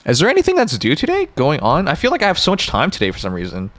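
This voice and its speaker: A man's voice: on the high side, huge pitch swings, quick pace, a bit bright, dry recording. A man streaming live, chatting casually and joking with his viewers in a rambling way. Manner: rambling, joking, talks to chat.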